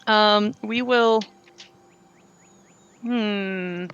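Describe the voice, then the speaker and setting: Bright-voiced woman running a tabletop game. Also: mid-range voice, a little slow, long pauses, smooth, lo-fi sound. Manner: chatty, adds sums aloud, laughs often. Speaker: game master.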